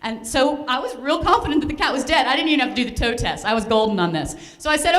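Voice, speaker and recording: A woman's voice: high voice, animated, fast talker, few pauses, a bit bright. A woman on stage at a fundraiser, telling a self-mocking comic story into a microphone with playful drama. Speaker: speaker at a charity fundraiser. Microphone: handheld or stand microphone.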